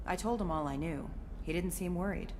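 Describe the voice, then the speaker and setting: Game role: woman plays a wary, blunt former security chief, low-pitched. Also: brisk, a little mellow, close to an everyday voice. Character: guarded female ex-security chief. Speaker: video game character.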